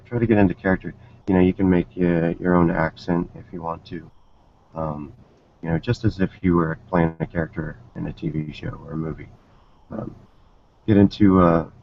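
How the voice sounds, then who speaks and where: Give me a very deep, gravelly man giving hesitant, laid-back advice in a panel chat. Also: a little hiss or hum. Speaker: game designer, podcast panelist. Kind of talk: casual panel discussion. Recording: dull lo-fi recording.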